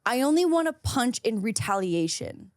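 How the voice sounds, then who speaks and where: A young woman co-hosting a casual podcast, her voice a touch high and swinging widely as she tells a story. She fills her talk with "like" and acts out other people in a higher, put-on voice. The sound is dry and close. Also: moderate pace, no room sound. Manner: animated, lots of "like", quotes people in a high put-on voice. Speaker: podcast co-host.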